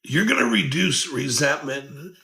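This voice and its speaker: A man's voice: fairly high pitch, expressive, a little slow, creaky, pushed and bright. A man hosting a podcast, giving casual motivational talk in a blunt, earnest way, swearing freely and circling back over his points. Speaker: podcast host.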